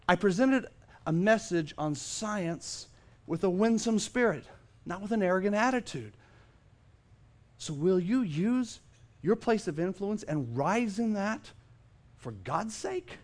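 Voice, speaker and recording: A middle-aged pastor with a fairly high voice preaches to his congregation in a church. He speaks emphatically, swinging from quiet to loud, and often restarts his sentences as he drives a point home. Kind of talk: sermon. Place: church sanctuary.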